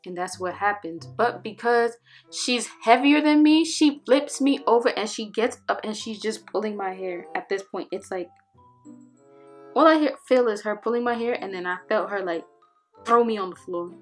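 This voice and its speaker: Young woman telling a lively, slangy story. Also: medium pitch, moderate pace, soft background music. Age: young adult. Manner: animated, slangy storytelling that acts out what was said. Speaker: vlogger. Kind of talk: casual storytime.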